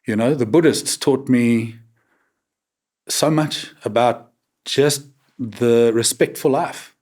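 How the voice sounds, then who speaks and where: A man's voice: medium pitch, slow, darkish tone. Frank South African man in his fifties. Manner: frank, storytelling, tags sentences with "man" and "right?". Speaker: podcast guest. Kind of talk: candid conversational interview.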